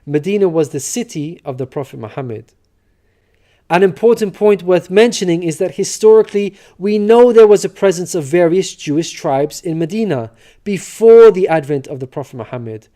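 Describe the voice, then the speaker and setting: A man reading a scripted religious narration in a measured, earnest, explanatory way. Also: high-pitched, expressive, dark tone.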